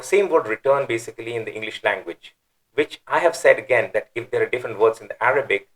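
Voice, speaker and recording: A man teaching the grammar of a Quran verse. He thinks aloud with pauses and restarts, and he stresses words and breaks them down slowly. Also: mid-range voice, fairly bright tone, rough recording. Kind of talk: explaining Arabic grammar.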